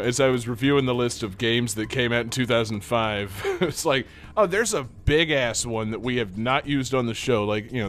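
A man's voice: medium pitch, a bit bright. A man co-hosting a podcast, chatting casually about a video game in a rambling way, with lots of fillers and laughter. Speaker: podcast co-host.

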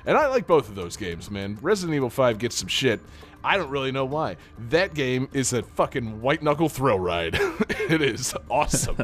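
A man's voice: medium pitch, sing-song, moderate pace, soft background music. A man co-hosting a podcast, chatting casually about a video game in a rambling way, with lots of fillers and laughter. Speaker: podcast co-host.

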